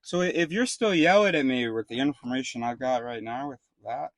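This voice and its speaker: A man's voice: medium pitch, normal speed, slight background noise. A man casually telling a rambling story to the camera, swearing freely and restarting his sentences. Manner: rambling, profane, full of fillers and restarts. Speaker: vlogger.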